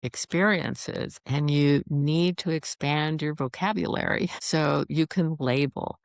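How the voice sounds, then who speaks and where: Slow, gravelly-voiced woman psychologist. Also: low-pitched, dry recording, studio quality. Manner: calm, measured explaining. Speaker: psychologist guest. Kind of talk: podcast interview.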